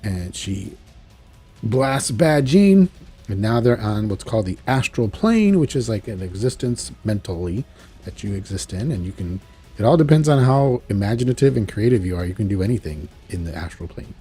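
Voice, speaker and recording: A man with a low, mellow and slightly husky voice recaps an episode in a loose, chatty way. He wanders between summary and brief acted-out lines, like casual fan talk. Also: big pitch swings, moderate pace, faint music behind. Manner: chatty, retells scenes, acts out quotes. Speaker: show reviewer.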